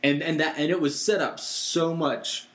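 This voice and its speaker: A man's voice: a little high, fairly even intonation, moderate pace. A man co-hosting a casual chat show, earnest and repeating words as he builds his point. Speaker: co-host.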